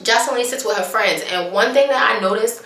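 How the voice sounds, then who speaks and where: A woman casually recapping a TV episode, sassy and animated, putting on mocking voices for the people she quotes. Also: fairly high pitch, brisk, far from the mic. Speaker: vlogger recapping a TV show. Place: small bathroom at home. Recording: echoey bathroom, voice off-mic.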